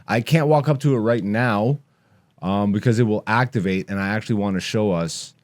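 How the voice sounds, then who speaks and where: A man in his thirties, a comedian hosting his podcast, chatting casually and rambling in a relaxed, self-deprecating way. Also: fairly low pitch, moderate pace. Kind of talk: casual podcast chat over gameplay.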